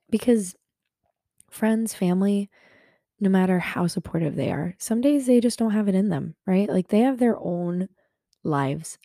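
A woman's voice: lowish voice, vocal fry, mellow, no room sound, studio quality. A young adult woman hosting a podcast from her bed, a little hungover, talking earnestly about self-kindness with many fillers. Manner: earnest, rambling, lots of fillers. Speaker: podcast host. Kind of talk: casual self-help talk.

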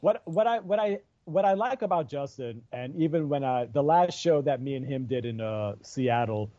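Mellow-voiced man telling a rambling story. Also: a little high, expressive, moderate pace, no room sound. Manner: rambling storyteller, many restarts. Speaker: stand-up comedian. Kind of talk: casual chat. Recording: dull dry lo-fi recording.

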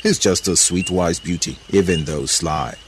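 A man's voice: sits low, measured pace, a bit bright, slight background noise. A man voicing a playful, carefree male gorilla who talks in a boisterous, joking way.

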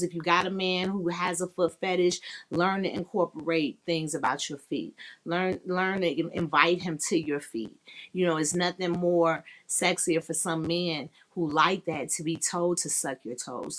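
A frank woman hosts a loose, casual live chat and speaks in a fairly low register. She talks bluntly and explicitly, candid and playful with whoever is listening. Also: fairly bright tone. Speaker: podcast host.

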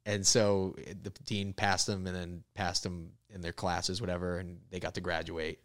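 A young man, a comedian, casually telling a long travel story with lots of profanity and animated delivery. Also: low-pitched, normal speed. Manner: animated, profane, laughs through punchlines. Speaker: comedian guest.

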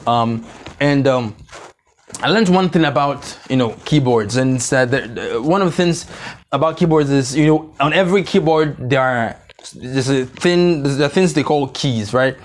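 A man preaching a sermon, slow and emphatic in scripture, then joking and confessional with the congregation. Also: mid-range voice. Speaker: pastor. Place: church service, streamed online.

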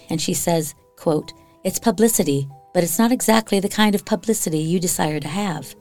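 A woman's voice: fairly low pitch, darkish tone. A woman from Iowa hosting a podcast, reading spooky stories in a chatty way with casual asides. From Iowa, USA. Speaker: podcast host.

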